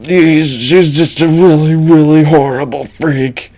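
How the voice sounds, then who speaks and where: Man doing a dragon, drawn out, theatrical, scheming, slow. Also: fairly high pitch, fairly even intonation, darkish tone, pitched above the performer's own voice. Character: scheming dramatic male dragon.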